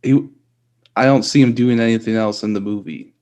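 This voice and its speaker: A young man co-hosting a comedy podcast, talking in a hesitant, skeptical, low-key way. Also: moderate pace, a little mellow. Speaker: podcast co-host. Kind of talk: casual comedic chat.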